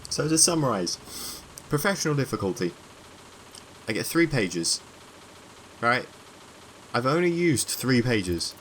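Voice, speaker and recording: A man giving chatty let's-play commentary, muttering to himself and breaking into excited squeals. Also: mid-range voice, unhurried, long pauses, slight background noise. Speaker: gameplay commentator.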